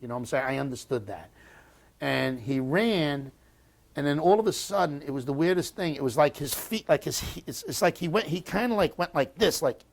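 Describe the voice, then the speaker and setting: Speaking in a slightly high, animated voice, a sixties-aged American veteran shares war memories in an oral history interview. His manner is blunt and halting, with repeated restarts and plenty of profanity.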